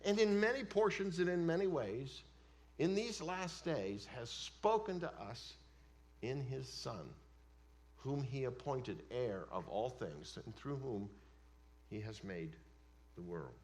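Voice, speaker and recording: A man preaching a sermon as pastor of a church, emphatic, swinging between loud declarations and hushed asides. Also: mid-range voice, lively intonation, slow. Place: church sanctuary.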